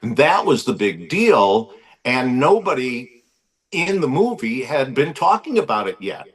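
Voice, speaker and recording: Man, podcast guest, slow storytelling, animated pitch, distant mic. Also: breathy edge. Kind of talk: casual storytelling.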